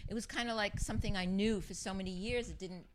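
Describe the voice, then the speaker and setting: A woman's voice: medium pitch, fast talker, a little hiss or hum. A woman in her sixties with a New York accent, telling family stories as a guest in a casual podcast chat. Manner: expressive, animated storyteller. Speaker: guest, speech pathologist.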